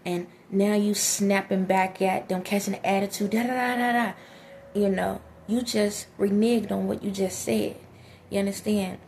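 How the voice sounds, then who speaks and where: A woman with a soft, mellow voice and a gravelly fry talks straight to her viewers. She gives direct, preachy life advice and keeps checking that they follow her. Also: medium pitch, level tone, moderate pace, a little hiss or hum. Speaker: vlogger giving life advice. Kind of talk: direct-to-camera motivational talk.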